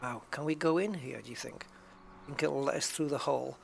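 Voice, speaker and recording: With a brisk, creaky, mid-range voice, a flight sim streamer talks his way through gameplay at his home setup. He rambles in a chatty manner with restarts and asides, and there is background noise.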